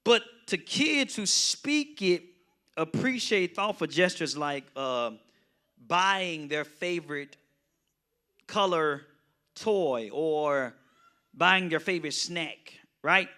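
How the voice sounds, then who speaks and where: A man's voice: on the high side, lively intonation, takes it slowly, sharp tone. A man, a pastor teaching a Bible study in a conversational way, often checking in with the listeners. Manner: conversational, often asks the audience "right?".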